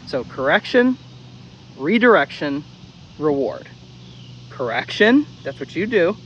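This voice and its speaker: A man's voice: on the high side, big pitch swings, slow pace, a bit bright, dull audio, slight background noise. A man who trains dogs, explaining correction step by step in a blunt, casual way. He swears freely and repeats key steps in a drill-like rhythm. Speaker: dog trainer. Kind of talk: casual instructional talk.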